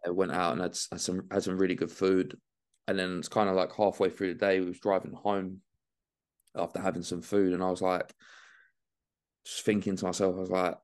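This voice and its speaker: A young Englishman chats easily on a podcast, his very deep voice sitting low the whole way through. He talks in a relaxed, loose way, peppering his talk with swearing and calling people mate. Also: a little fast. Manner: laid-back, swears freely, says mate and man. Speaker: bodybuilding guest. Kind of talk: casual podcast chat.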